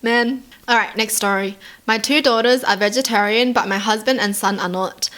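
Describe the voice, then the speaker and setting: Aussie youtuber lady reading stories n chatting about them, high-ish voice, lots of like and dude. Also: fairly even intonation, normal speed, a bit bright. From Australia. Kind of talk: casual reaction commentary.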